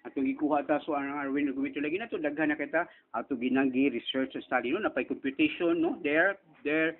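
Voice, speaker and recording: Talking fast in a fairly high voice, this Filipino inventor and channel owner with a Cebuano accent walks through his screen in a loose, rambling way, ending lines with frequent tag questions. Tinny, phone-like sound and faint hiss come through.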